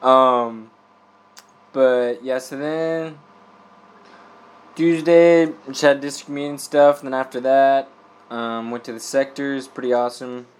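A man's voice: mid-range voice, fairly even intonation, takes it slowly, pauses often, clean tone. A young man, a missionary, telling a rambling casual story with lots of filler words and frequent laughter. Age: young adult.

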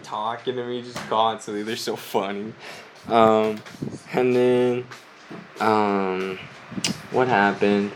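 A man's voice: medium pitch, slight background noise. Young man rambling with lots of "like"s. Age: young adult. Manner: rambling, heavy use of "like", laughs often. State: slightly stuffy from a cold. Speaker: missionary. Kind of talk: casual spoken update to family.

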